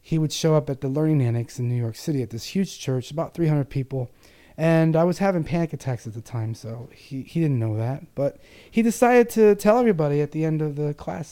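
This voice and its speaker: Guest: man, psychic medium, warm mellow tone, earnest storyteller who acts out the voices in his stories. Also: on the high side. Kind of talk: personal storytelling in an interview.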